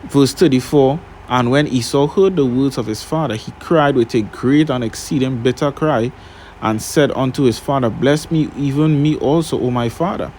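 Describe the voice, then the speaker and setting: A man's voice: medium pitch, moderate pace, a little mellow, a little hiss or hum. A man reading scripture aloud and retelling it in plain words, often checking with "right?". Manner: reads scripture then retells it in casual Caribbean-style English, asking "right?". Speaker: Bible teacher. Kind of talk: Bible reading and teaching.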